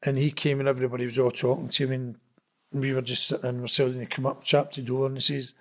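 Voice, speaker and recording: A man's voice: medium pitch, quick pace, vocal fry. Glaswegian man telling a story. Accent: Glaswegian Scottish. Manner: animated, acts out quoted dialogue. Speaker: interview guest. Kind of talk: casual storytelling.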